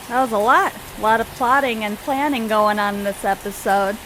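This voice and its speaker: A woman's voice: fairly high pitch, moderate pace, few pauses, background noise. A woman casually narrating a life-sim story, chatty and giggly with lots of fillers.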